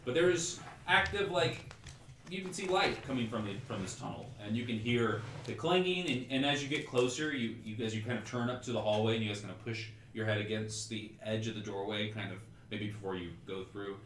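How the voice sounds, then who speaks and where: A man's voice: fairly low pitch, a little fast, fairly bright tone, roomy sound, a little hiss or hum. Rambling man running a tabletop game. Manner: casual and rambling, many fillers like "like" and "um". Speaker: game master.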